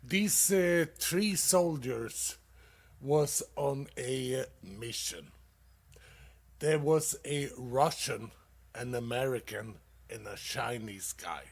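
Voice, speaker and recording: Gravelly husky guy telling dad jokes, slow and halting, lots of uhs, cracks himself up. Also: medium pitch, animated. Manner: halting delivery with many fillers, laughing loudly at his own punchlines; casual and profane. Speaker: comedy show host.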